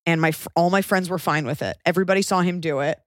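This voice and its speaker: A woman's voice: lowish voice, fast, no room sound, studio quality. A woman in her thirties, co-hosting an advice podcast, talking bluntly and emphatically in casual chat and swearing freely. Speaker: podcast co-host giving advice.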